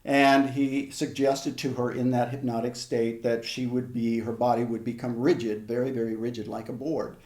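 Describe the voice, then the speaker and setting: An older man working as a hypnotherapist, telling stories in an interview in a measured, conversational way with frequent restarts. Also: mid-range voice, level tone, darkish tone, roomy sound. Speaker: hypnotherapist guest. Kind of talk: reflective storytelling in an interview.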